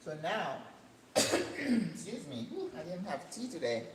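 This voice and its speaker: An older woman hosting a cooking channel, chatting casually as she cooks in her home kitchen, rambling and breaking into excited high notes. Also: slow pace. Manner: chatty, rambling, with sudden excited jumps in pitch. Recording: echoey room with faint background hum.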